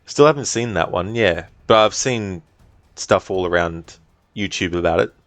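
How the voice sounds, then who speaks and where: This low-pitched man talks at normal speed in a recording with no room sound. Streaming a game, he keeps things relaxed and chatty, reading chat aloud, swearing occasionally, and laughing frequently.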